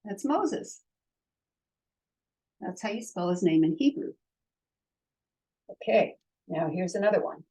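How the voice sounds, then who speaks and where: Slow, patient woman teaching Hebrew. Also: medium pitch, expressive, mellow. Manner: slow, patient, sounds out syllables for learners to repeat. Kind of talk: online language lesson.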